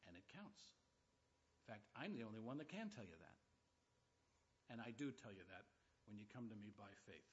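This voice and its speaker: A man's voice: medium pitch, expressive, a little fast, long pauses. Emphatic preaching man, dull lo-fi sound. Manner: emphatic, with loud bursts and humorous asides. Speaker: pastor. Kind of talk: sermon.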